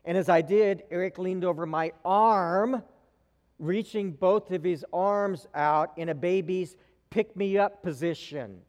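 High-voiced pastor in a reverberant church. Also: male voice, a little mellow, highs cut off. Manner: storytelling with slow dramatic pauses. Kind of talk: sermon with an illustrative story. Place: church sanctuary. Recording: long reverb of a large church hall.

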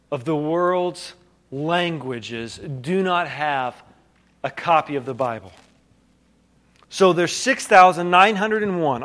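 A man preaching a sermon as a pastor, telling a story with dramatic quiet drops and rising questions, often repeating and restarting phrases. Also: a little high.

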